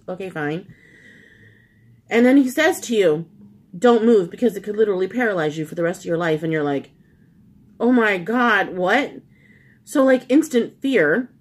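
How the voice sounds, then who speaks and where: Emotional woman confiding a personal story. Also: on the low side. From Canada. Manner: emotional, confiding, addresses viewers as friends. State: close to tears. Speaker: vlog host. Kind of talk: casual storytelling to viewers.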